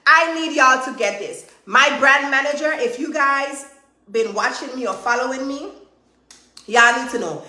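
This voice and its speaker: A woman hosting a live stream as a trainer, chatty and energetic, driving her points home with repeated "okay?". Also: sits high, reverberant. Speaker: host and trainer. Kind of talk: live-streamed motivational chat.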